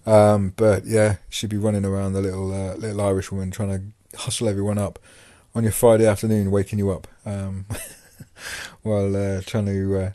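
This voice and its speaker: A man's voice: on the low side, little pitch movement, moderate pace, warm tone, dry recording. A man hosting a podcast, talking casually about his time in prison, rambling with many fillers and restarts. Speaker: podcast host and former prisoner. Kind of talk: casual monologue.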